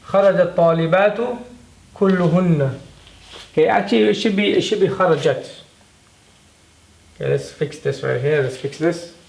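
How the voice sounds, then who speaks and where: A man's voice: a little high, gravelly. A man teaching a grammar lesson in a patient way, often repeating words and checking in with "okay?". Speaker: Arabic teacher. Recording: echoey room.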